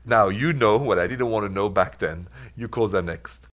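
A man's voice: on the low side, moderate pace, a bit bright. A man hosting a radio advice show, talking in an earnest, reflective way with simple repeated phrases. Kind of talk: casual radio talk.

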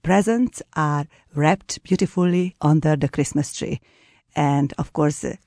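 A man's voice: fairly high pitch, mellow, no room sound, clean studio sound. A man from Hungary, a native Hungarian speaker with a Hungarian accent, explaining customs as a tour guide in a radio interview.

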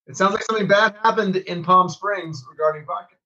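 A man chatting as a podcast guest, wry and teasing in deadpan banter. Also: high-pitched, a little fast, muffled recording. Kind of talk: casual podcast chat.

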